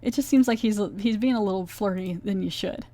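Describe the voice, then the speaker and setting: A woman hosting a podcast, casually recapping a TV episode in a chatty, animated way. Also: mid-range voice, fairly quick, a little hiss or hum. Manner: chatty, animated, retells scenes with quoted voices. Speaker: podcast host reviewing a TV episode.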